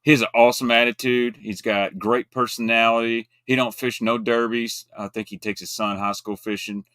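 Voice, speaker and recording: A man chatting casually as guest co-host, blunt and folksy, talking in quick bursts. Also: medium pitch, flat delivery, a bit bright, smooth, dry recording, clean studio sound. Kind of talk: casual chat.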